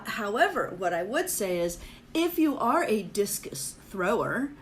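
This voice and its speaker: A woman with a fairly high voice hosts a casual livestream chat with viewers, chatty, upbeat and self-deprecating as she rambles. She talks in a Valley-girl style packed with "like" fillers. There's a little hiss or hum in the audio.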